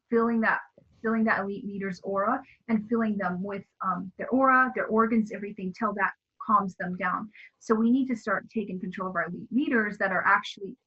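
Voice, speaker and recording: A woman speaking as a guest in a spiritual interview, earnest and halting, often restarting her sentences. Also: medium pitch, slightly rough, highs cut off.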